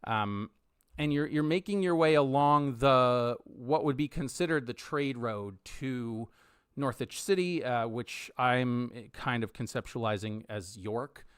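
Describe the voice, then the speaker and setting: A man narrating a tabletop role-playing game as game master, halting, with many ums and restarts. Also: mid-range voice, smooth, dry recording, studio quality.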